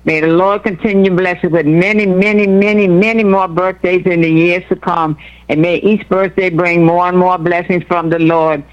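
A woman's voice: fairly low pitch, fairly even intonation, normal speed, highs cut off. An older woman, calling a gospel radio show and showering everyone with blessings, repeating words in long strings. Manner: effusive, repeats words in strings, laughs often. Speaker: caller.

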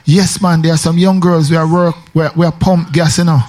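A man's voice: on the high side, flat delivery, a little fast, a little mellow. Talkative Jamaican man on radio. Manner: rambling, emphatic, with repetitions. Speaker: radio host. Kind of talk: casual radio chat.

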